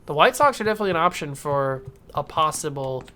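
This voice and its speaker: A man's voice: on the high side, expressive, fast talker, pushed and bright, a little hiss or hum. Guy doing laid-back gameplay commentary, mutters and pleads with the game. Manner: talks to himself and the game, coaxing and joking. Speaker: gaming YouTuber. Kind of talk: casual let's-play commentary.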